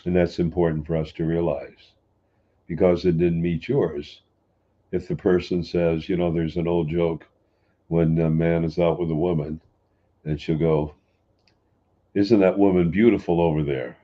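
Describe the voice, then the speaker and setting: A man's voice: deep voice, little pitch movement, unhurried. A man talking in a folksy, plain-spoken way, joking lightly as he explains. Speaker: speaker answering a question. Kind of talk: relaxed spoken talk. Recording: dull lo-fi sound.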